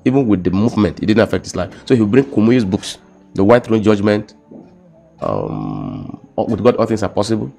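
A young Nigerian man with a Nigerian accent, telling his personal testimony in casual conversation, halting and repeating words, often dropping into quiet emotional tones. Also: on the low side, lively intonation, gravelly, soft background music.

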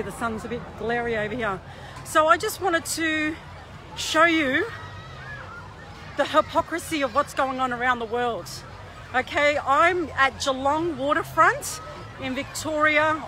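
A woman livestreaming on a phone held in her hand at a busy waterfront. She rants in an indignant, exasperated way. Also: high voice. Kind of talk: outdoor phone livestream rant. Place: busy outdoor waterfront and pool area. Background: faint crowd chatter and outdoor noise.

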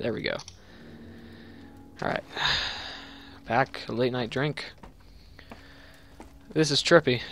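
A young man talks through a horror game in a casual, rambling way at an ordinary middle pitch. When something jumps out, he breaks into loud, panicked yelling. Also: gravelly, slight background noise. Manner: chatty, jumpy, loud panicked yelling at scares. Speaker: gameplay commentator. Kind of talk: horror game let's play commentary.

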